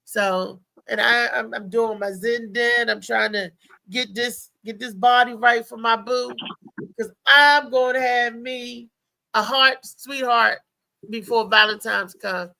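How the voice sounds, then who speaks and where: Gravelly, bright-voiced woman comedian. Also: fairly high pitch, fairly even intonation, takes it slowly. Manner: loud, laughing, rambling storyteller with restarts. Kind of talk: casual talk-show banter.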